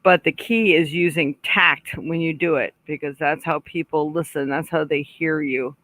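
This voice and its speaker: Lady psychic doing a live stream reading, chatty, clears her throat a lot, dry close sound. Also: low-pitched, steady tone, moderate pace, fairly bright tone, no room sound, low-quality recording. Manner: chatty, reads out viewer comments, relays spirit messages; frequent throat clearing and small laughs. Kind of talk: casual live-stream chat and card reading.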